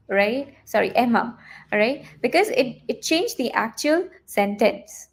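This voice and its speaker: A woman teaching a live online coding lesson, talking her students through the screen with lots of fillers, restarts and thinking out loud. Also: fairly high pitch, lively intonation, a little slow. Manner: chatty, thinks aloud with many fillers and restarts.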